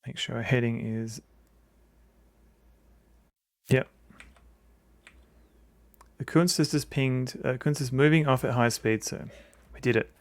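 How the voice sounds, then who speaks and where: A man talks his way through a computer game as he plays, thinking aloud in a hesitant way with restarts. His voice has a gravelly, creaky texture and sounds dry and close to the mic. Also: medium pitch, takes it slowly, pauses often, dry recording. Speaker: streamer playing a game. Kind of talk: casual gameplay commentary.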